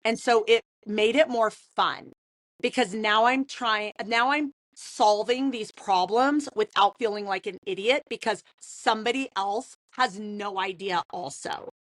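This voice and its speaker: A woman in her thirties, a podcast co-host, telling a story in casual, animated chat with laughs and lots of "like". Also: medium pitch, measured pace, no echo.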